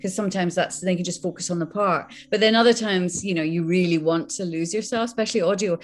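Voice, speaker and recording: A woman with a Scottish accent, a voice actress chatting as a guest in an interview, lively and quick to laugh. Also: lowish voice. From Scotland. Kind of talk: casual interview chat.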